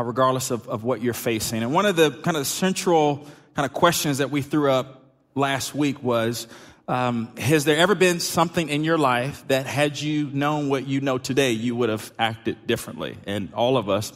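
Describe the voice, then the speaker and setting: A middle-aged pastor, preaching a sermon in a loose, conversational way with lots of fillers. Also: male voice, mid-range voice, moderate pace. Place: church sanctuary. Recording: hall reverb.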